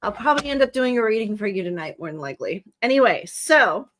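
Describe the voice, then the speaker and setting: A woman's voice: medium pitch, very animated, fast, a bit bright, slight background noise. A woman hosting a live stream in casual chat, her accent mixing Californian with a Southern twang, rambling and laughing as she talks. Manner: chatty, rambling, laughing asides.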